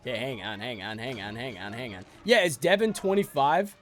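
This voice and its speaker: A man's voice: medium pitch, animated, a little fast, faint music behind. A man streaming a game live, joking and rambling sleepily with his chat.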